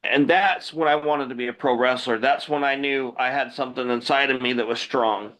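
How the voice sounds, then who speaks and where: A man, a guest pro wrestler, telling a personal story in animated podcast chat and acting out the dialogue. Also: mid-range voice, fairly quick, rough recording. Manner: vivid retelling that acts out the dialogue.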